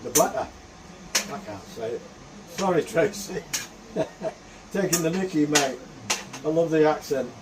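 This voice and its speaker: A man's voice: a little high, measured pace, long pauses. Home cook, male, casual rambling commentary, self-talk, noisy kitchen mic. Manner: chatty, mutters to himself while cooking. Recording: noisy background ambience.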